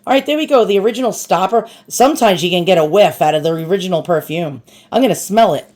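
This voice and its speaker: A woman's voice: on the low side, animated, fast, darkish tone. A woman with a New York accent hosting a casual show-and-tell vlog, chatty and self-deprecating, addressing her viewers directly. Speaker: antiques collector and channel host.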